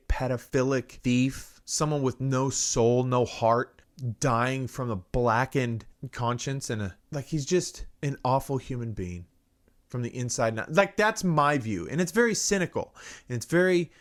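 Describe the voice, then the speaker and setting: Sarcastic man ranting in a lively voice. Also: fairly high pitch. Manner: sarcastic and crude, swinging between mock-cynical and excited. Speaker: podcast host. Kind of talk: comedic political rant and listener Q&A.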